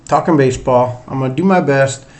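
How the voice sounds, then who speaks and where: Brisk and darkish in tone, a middle-aged man's mid-range voice carries his solo sports podcast. He speaks with a blend of Northern US and Southern drawl, wandering chattily and poking fun at himself.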